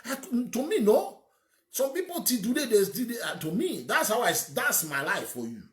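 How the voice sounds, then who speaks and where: A man's voice: high voice, big pitch swings, moderate pace, fairly bright tone, echoey room. A man with a Nigerian accent giving an opinionated monologue as a political commentator, emphatic and ranting, firing off rhetorical questions.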